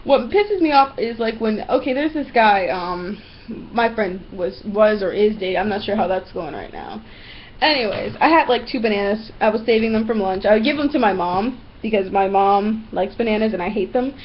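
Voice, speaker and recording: A young woman vlogging at home, ranting bluntly and profanely about everyday pet peeves in a casual, animated storytelling manner. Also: medium pitch, moderate pace, lo-fi sound, slight background noise. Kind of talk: casual ranting monologue to camera.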